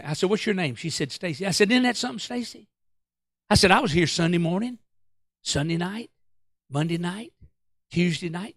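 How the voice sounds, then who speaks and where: A male pastor, telling a story in an excitable, stammering sermon that breaks into song. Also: a little high, no room sound, clean studio sound.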